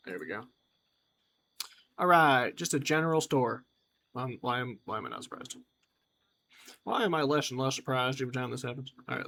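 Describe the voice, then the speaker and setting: A man's voice: mid-range voice, a bit bright, a little hiss or hum. A man giving let's-play commentary, chatty and wry, talking to himself as he explores. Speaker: gamer.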